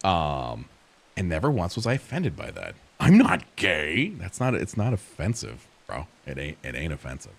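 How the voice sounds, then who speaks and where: A man's voice: sits low, huge pitch swings, normal speed, vocal fry, slightly rough. A young man streaming and chatting casually while gaming, rambling and profane, laughing at his own stories.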